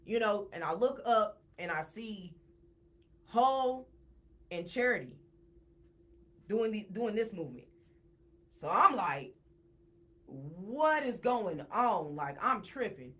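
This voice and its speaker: A woman guest on a podcast, telling a personal story in a casual, animated way and repeating words when she gets worked up. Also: mid-range voice, slow, pauses often.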